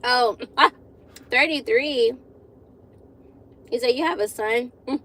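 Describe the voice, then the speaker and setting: A woman's voice: on the high side, slow, bright, forceful tone. A woman in her twenties chatting casually with viewers on a phone live stream, laughing often and repeating herself. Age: 20s. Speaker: vlogger hosting a live stream.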